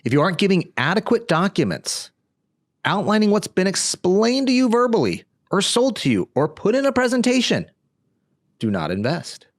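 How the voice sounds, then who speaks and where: A man's voice: sits high, huge pitch swings, moderate pace. A man who is a lawyer and podcast co-host, explaining things plainly in casual talk and laughing often.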